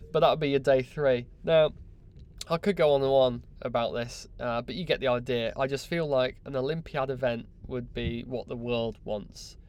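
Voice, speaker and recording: A man hosting a solo podcast, chatty, excitable and self-mocking, recorded in a crew cabin on board a yacht. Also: medium pitch. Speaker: podcast host.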